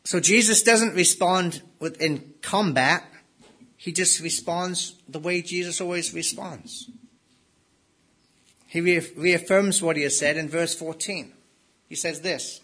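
A man's voice: a little high, unhurried, pushed and bright, slightly rough. A man preaching a sermon in an emphatic way, repeating key words for stress.

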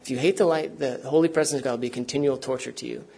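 A man's voice: medium pitch, steady tone, very fast, creaky, darkish tone, slightly rough. A man preaching a sermon to a gathered congregation in an earnest, conversational way.

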